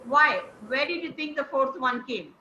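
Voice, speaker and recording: A woman's voice: high-pitched, animated, normal speed, noisy background. A woman, coaching a class over a video call and quizzing listeners encouragingly. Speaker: speaking coach. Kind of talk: online teaching session. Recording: echoey, slightly dull call audio.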